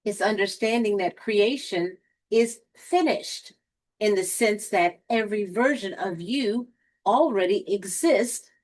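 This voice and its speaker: Slow, deliberate woman giving a spiritual pep talk. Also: mid-range voice, darkish tone. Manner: slow, deliberate delivery with dramatic pauses; lightly sarcastic. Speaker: motivational speaker.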